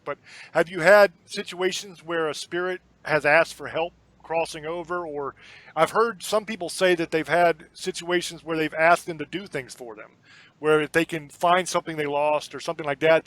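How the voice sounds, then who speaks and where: A man's voice: fairly high pitch, fairly bright tone, dry recording, poor audio. A man hosting a podcast, chatting casually and asking long, rambling questions with enthusiasm. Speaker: podcast host. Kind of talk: casual interview chat.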